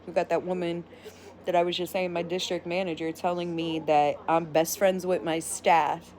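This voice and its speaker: A woman vlogger telling a story in a casual, animated rant, blunt and sometimes profane. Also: fairly low pitch, normal speed.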